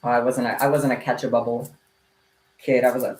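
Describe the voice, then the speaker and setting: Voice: mid-range voice, level tone, fairly quick, long pauses, a little mellow. A livestream host chatting casually with viewers, playful and teasing, laughing often. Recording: echoey room.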